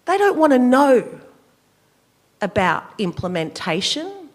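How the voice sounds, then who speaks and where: An Australian woman, a senator, giving an impassioned political speech at a forum, measured and emphatic with a cutting, sarcastic edge. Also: high voice, sing-song. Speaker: senator speaking at a public forum.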